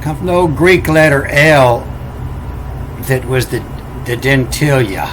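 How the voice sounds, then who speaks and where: Slow, halting man spelling out letters. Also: mid-range voice, background noise. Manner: halting, repeats words, spells out letters one by one. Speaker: self-taught lecturer. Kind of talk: unscripted explanation of ancient letters.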